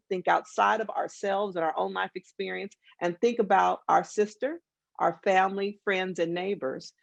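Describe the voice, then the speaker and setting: Woman on a panel, gravelly voice, emphatic and wry, dry close sound. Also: on the low side, no echo. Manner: emphatic, plain-spoken, wry. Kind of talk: conversational panel discussion. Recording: dull lo-fi video call audio.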